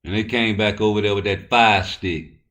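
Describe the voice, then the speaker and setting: Guy w a low voice ranting about boxing on a live stream, swears a lot, all over the place. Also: steady tone, normal speed, fairly bright tone. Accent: Baltimore. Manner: loose, profane, rambling street talk. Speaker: boxing talk show host. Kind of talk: live-stream talk, addressing chat.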